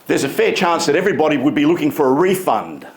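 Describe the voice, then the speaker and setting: A man giving a motivational keynote speech on a conference stage, emphatic and deliberate, stretching key words. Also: fairly high pitch, sing-song. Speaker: keynote speaker.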